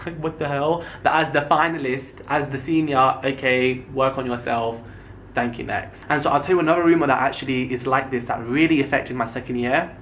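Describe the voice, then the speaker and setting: A man's voice: medium pitch, moderate pace, a little hiss or hum. A man in his twenties, a YouTuber telling stories casually to camera and acting out the lines of the people in them. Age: 20s. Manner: animated, acts out quoted dialogue.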